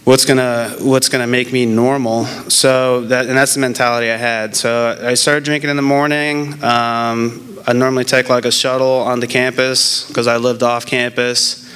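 A man, likely in his twenties, talks through his past in a casual, unscripted way, starting over and trailing off often. His voice is smooth and clean, at an ordinary pitch, and his tone stays frank and self-mocking. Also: little pitch movement, fairly bright tone. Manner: rambling, halting, many fillers and restarts; candid and self-deprecating. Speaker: person in recovery sharing his story. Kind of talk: casual personal testimony.

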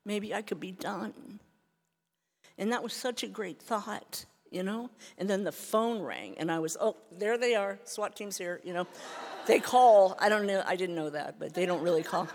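An older woman telling her recovery story as a candid, self-mocking personal testimony, swinging from hushed to loud. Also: mid-range voice, lively intonation, normal speed. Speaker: speaker sharing recovery story. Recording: hall reverb.

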